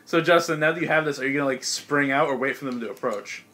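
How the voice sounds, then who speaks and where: Running a tabletop game for his friends, this young game master speaks at a medium pitch with a sharp tone. His narration is relaxed and full of laughter, punctuated by brief monster voices.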